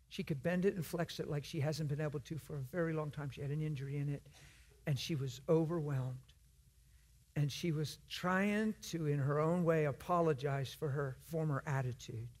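A man's voice: a little high, normal speed, darkish tone. A man preaching in a church, telling a story in an earnest, conversational way. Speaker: guest preacher. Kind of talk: storytelling sermon.

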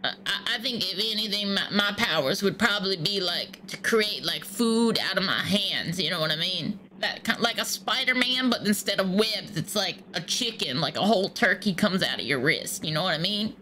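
Bright-voiced goofy woman rambling. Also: medium pitch, animated, normal speed, few pauses, slight background noise. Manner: goofy, rambling, repeated silly shouts. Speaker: scambaiter. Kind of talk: prank phone call, playing dumb.

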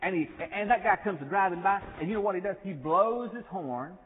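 Man as a folksy Southern sheriff storyteller, slow drawl, tinny, echoey chapel. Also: sits high, expressive, a little hiss or hum. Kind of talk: comic chapel skit.

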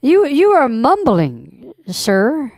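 A woman's voice: high voice, huge pitch swings, very slow, darkish tone. A woman posing as a customer on a prank call, confrontational and demanding, swearing when annoyed. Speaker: scam baiter posing as a customer.

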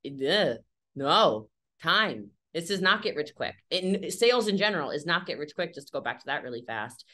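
A woman entrepreneur talking about sales in an interview, in an energetic, chatty and emphatic way, full of "like" and "okay" and little acted-out scenes. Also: low voice, moderate pace. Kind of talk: candid interview conversation.

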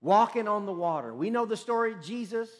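Speaking fairly quickly and with animation, a male pastor delivers his sermon. He swings from emphatic, loud lines to quiet, low ones and repeatedly restarts phrases partway through.

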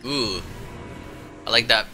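A middle-aged man, a game developer streaming and chatting casually, rambling and excitable. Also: mid-range voice, takes it slowly, low-quality recording. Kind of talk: casual chat while playing. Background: faint music.

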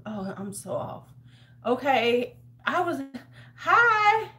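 A chatty American woman hosts a casual beauty livestream at home in winter, greeting viewers by name and talking to herself while busy. She speaks in a mid-range voice at a slightly slow pace.

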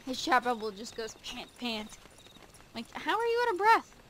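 A woman's voice: fairly high pitch, big pitch swings, moderate pace, a bit bright, slight background noise. A young woman casually chatting and commenting while playing a game on stream, talking to characters and her chat in a playful way.

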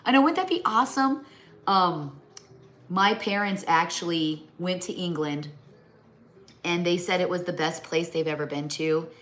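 Her voice fairly low and her tone fairly bright, a middle-aged Midwestern livestream host talks in an unhurried way while crafting in her home kitchen or at a craft table. The chat is casual and meandering, and she keeps interrupting herself to speak to her pets.

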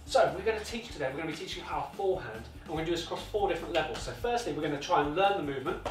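A British man with a high, animated voice coaches a toddler at tennis in rapid-fire bursts, sing-song and encouraging, repeating instructions over and over. The room is echoey, the mic distant, and faint music plays.

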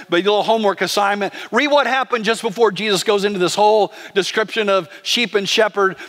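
A high-voiced male pastor gives a lively, conversational sermon inside a church sanctuary, where a long reverb follows each word.

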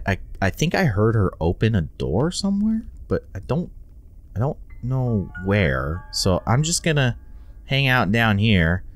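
A man's voice: on the low side, fairly bright tone, no echo. A young man hosting a gameplay video, chatting playfully and amusing himself. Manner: playful, self-amused, chatty with repeated restarts. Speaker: gaming video host. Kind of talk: let's play commentary.

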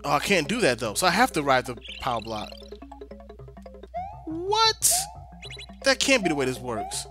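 A young man's slightly high voice swoops wildly in pitch as he plays a video game, talking at a moderate pace with long pauses. He's a chatty let's-play gamer, muttering to himself in exasperation with a playful drawl over game music.

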